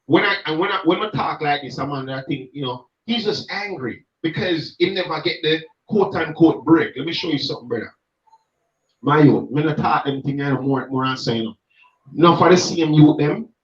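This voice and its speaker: A man's voice: a little high, moderate pace. A man with a Jamaican accent, an emphatic street gospel minister who preaches in patois during a conversation. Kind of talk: passionate reasoning conversation. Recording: echoey, distant, muffled sound.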